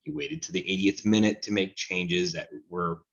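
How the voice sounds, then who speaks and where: A man's voice: low voice, fairly even intonation, normal speed, dull audio. A man co-hosting a soccer talk show, giving frank, opinionated takes in a rambling casual way. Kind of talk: casual sports chat.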